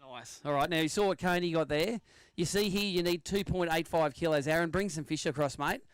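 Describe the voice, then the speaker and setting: A man's voice: fairly high pitch, a little fast, clear, resonant tone, no room sound. A man with an Australian accent hosting a live fishing weigh-in outdoors, chatty and joking as he reads out weights and standings. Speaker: weigh-in emcee.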